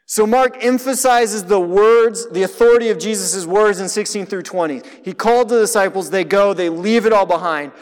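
A man preaching a sermon in a conversational way that swings between hushed, quiet passages and emphatic ones. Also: high-pitched, normal speed, hardly any pauses, big-room sound.

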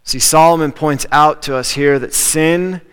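A man's voice: on the high side, measured pace, a bit bright, clear, resonant tone. A man preaching a sermon as a pastor, in a conversational way that repeats key phrases for emphasis. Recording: long reverb of a large hall.

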